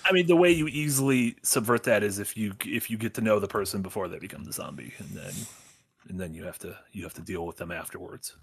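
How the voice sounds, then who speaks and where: A man co-hosting a podcast in casual chat, rambling and trailing off quietly. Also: fairly low pitch, fast talker, slightly rough. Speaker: podcast co-host.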